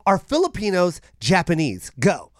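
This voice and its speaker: A man being interviewed on a podcast as a comedian guest, telling animated stories and teasing his host. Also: sits high, normal speed.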